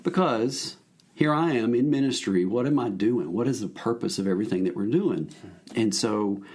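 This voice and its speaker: A man, a minister telling his story as a podcast guest in a lively, joking, folksy way. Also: on the low side, normal speed, slightly rough. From Alabama, US. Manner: animated, jokey, folksy. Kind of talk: casual storytelling conversation.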